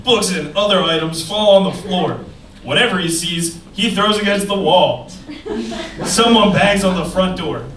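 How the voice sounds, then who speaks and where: A man's voice: high-pitched, normal speed, crowd noise. A man reading stage directions aloud at a live script reading, in a dry, matter-of-fact way. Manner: dry, matter-of-fact reading, now and then breaking into laughter. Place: live stage in an event venue. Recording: echoey room, distant mic, loud background noise.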